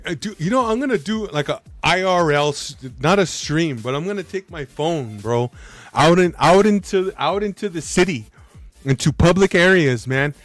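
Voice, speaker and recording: A man's voice: fairly high pitch, animated, normal speed, soft background music. Brash, swearing male streamer. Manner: brash, argumentative, swears, says bro and dude. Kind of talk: casual live-stream chat.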